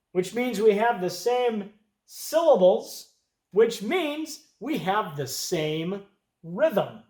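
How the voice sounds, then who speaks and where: An elementary music teacher teaching young children, speaking slowly and patiently and counting beats aloud. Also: medium pitch, reverberant, background noise.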